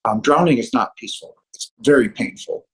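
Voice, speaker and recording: A man telling his near-death story as earnest, halting personal testimony. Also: medium pitch, animated, fairly bright tone, breathy edge, rough recording.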